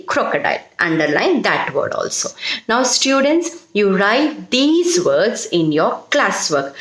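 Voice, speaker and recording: A woman's voice: mid-range voice, echoey room, low-quality recording. A woman teacher, reading a story to students and spelling out words letter by letter as she dictates. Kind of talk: recorded online class lesson.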